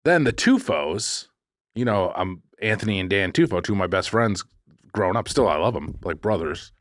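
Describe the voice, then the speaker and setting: Male podcast co-host, deep voice, dry close sound, rambling jokey storyteller. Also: lively intonation, moderate pace, no echo. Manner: rambling, self-correcting, jokey. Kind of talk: casual storytelling. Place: podcast studio.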